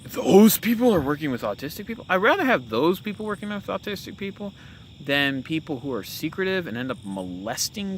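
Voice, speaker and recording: A young man talks casually as a podcast host, his voice bright and forward. He rambles, restarting sentences and filling gaps with "uh" and "you know". Faint hiss and insect sounds sit behind him. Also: mid-range voice. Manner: rambling, with many fillers and self-corrections. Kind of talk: casual opinion monologue.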